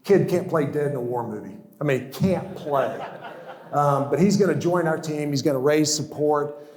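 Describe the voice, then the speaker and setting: A man's voice: on the high side, normal speed, darkish tone. Man in his 60s telling his story in a roomy echo. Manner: storytelling with stammered restarts and chuckles. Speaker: guest speaker. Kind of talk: personal testimony talk.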